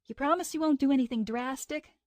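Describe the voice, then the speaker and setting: A woman's voice: sits high, a little fast, a little mellow, dry recording, clean studio sound, voice pushed up, natural voice. A woman reading the lines of a level-headed young woman with a wry manner.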